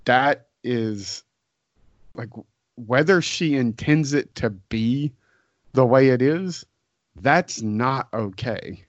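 A man speaks slowly in casual chat, halting and hesitant as he searches for words. His voice is dry, with no room sound, and the recording is dull and lo-fi. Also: mid-range voice, dry recording.

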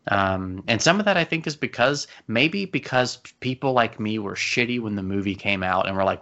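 A man with a lowish but bright, forceful voice chats excitedly on a podcast, rushing his words and restarting often. The sound is a little dull and lo-fi. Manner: fast, excitable, many restarts. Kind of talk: casual podcast chat.

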